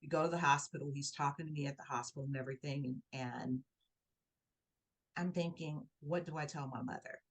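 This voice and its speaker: A woman guest on an interview show, telling a personal story in conversation and acting out the people in it with her voice. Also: a little fast. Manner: animated, acts out quoted voices with rising pitch.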